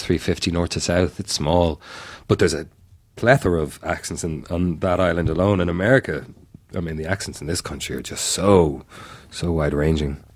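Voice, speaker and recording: A man's voice: low-pitched, no room sound, studio quality. A man in his forties with an Irish accent, chatting as a podcast guest in a rambling, self-deprecating way. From Ireland. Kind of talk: casual interview chat.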